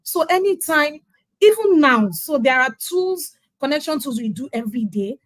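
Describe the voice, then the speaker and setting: This middle-aged Nigerian woman has a high, animated voice at normal speed, captured in a dry, rough recording. As an interview guest recounting her parenting journey in conversational testimonial style, she speaks with emphasis and performs the quoted dialogue.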